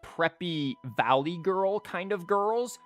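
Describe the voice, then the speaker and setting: Speaking slowly in a high-pitched, animated voice, this man thinks aloud during a casual live-stream theorycrafting chat. As a streamer and teacher, he rambles and restarts, leaning heavily on "like," with faint music underneath.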